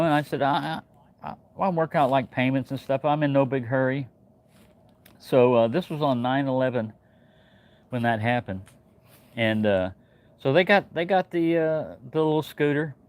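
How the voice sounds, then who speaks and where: A man hosting a casual livestream, telling a long story in a rambling way, with many fillers and restarts. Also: mid-range voice. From New Mexico. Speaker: channel host. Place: home in Texas.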